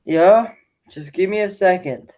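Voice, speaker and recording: A man's voice: high-pitched, a little slow, slight background noise. A man playing a chill, rambling casting assistant, offhand, muffled video call sound. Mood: announcing. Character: laid-back, scatterbrained young male casting assistant.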